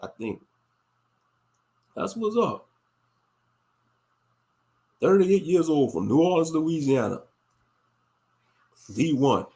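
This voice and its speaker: A man's voice: a little high, very animated, slow pace, long pauses, dark tone. A man in his late thirties hosting a casual commentary monologue, thinking aloud and turning preachy. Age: late 30s. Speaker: host.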